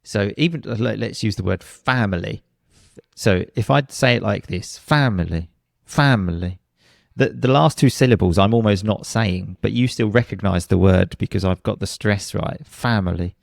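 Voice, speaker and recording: A man with a deep, gravelly voice explains pronunciation in an interview. He demonstrates word stress by saying words several ways and often restarts his sentences. The sound is dry and close, with no room echo. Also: normal speed. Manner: frequent restarts and hesitations. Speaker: English pronunciation teacher, podcast guest.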